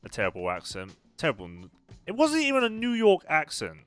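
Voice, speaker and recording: A man's voice: fairly high pitch, wildly swooping pitch, brisk, smooth, soft background music. A young man casually commenting on his racing game as he plays on a live stream, chatting and answering his viewers as he goes. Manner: chatty, reads and answers chat while playing. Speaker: gaming streamer.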